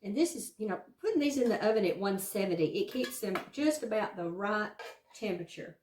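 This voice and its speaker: A woman's voice: medium pitch, lively intonation, a little fast, a little mellow, roomy sound, slight background noise. A woman with a Southern US accent hosting a casual home cooking show, chatting in a folksy, encouraging way from her kitchen. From Southern United States. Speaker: cooking channel host.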